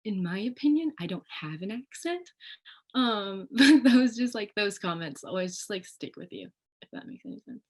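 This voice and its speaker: A woman's voice: medium pitch, moderate pace. A young woman, a student guest on a panel, telling a personal story in casual speech and acting out other people's voices. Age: young adult. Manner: animated, acts out others' voices in quotes.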